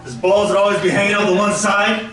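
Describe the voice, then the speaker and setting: A fast-talking man with a high, fairly even voice performs memorial stand-up on a comedy club stage. His set blends tributes and crude jokes, captured distantly in an echoey hall with a little background noise.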